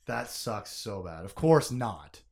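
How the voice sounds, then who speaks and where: A man's voice: lowish voice, sing-song, slow, vocal fry, a little mellow. Emotive young man chatting casually. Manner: emotive, laughing, conversational with many fillers. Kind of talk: casual chat about a novel.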